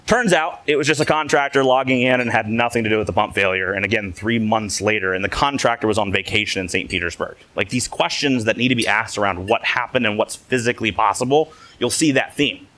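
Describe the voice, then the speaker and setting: A man's voice: on the low side, quick pace, hardly any pauses, bright, forceful tone. A man giving a conference talk in a casual, joking way, telling stories with animation. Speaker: conference speaker.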